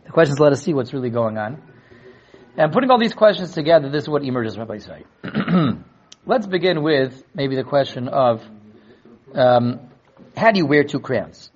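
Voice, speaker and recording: A man teaching a Talmud class in a lecture style, acting out quoted dialogue and repeating words in quick restarts. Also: mid-range voice, muffled recording. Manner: animated, acts out quoted dialogue. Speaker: Torah teacher.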